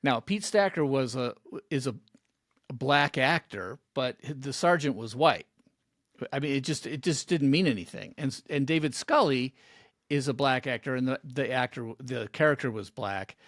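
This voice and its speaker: A man hosting a podcast, reminiscing in a halting way with frequent restarts. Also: mid-range voice, a bit bright, no room sound, studio quality. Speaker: podcast host. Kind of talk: casual podcast conversation.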